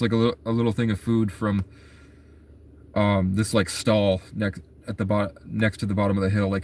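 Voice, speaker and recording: A man casually retelling a story in a rambling, loose way, full of fillers and restarts. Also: medium pitch.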